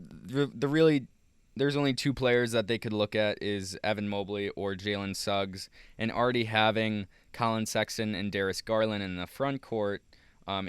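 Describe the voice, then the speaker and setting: A man's voice: lowish voice, fairly bright tone, smooth, dry recording. A man casually talking through a basketball mock draft over a screen recording, rambling with many fillers and restarts. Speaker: YouTuber.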